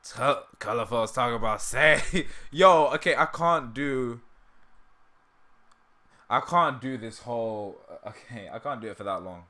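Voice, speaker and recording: A man's voice: medium pitch, unhurried, pushed and bright. A man hosting a livestream in casual, rambling chat, laughing often and breaking off mid-sentence, with a sore throat. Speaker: livestream host.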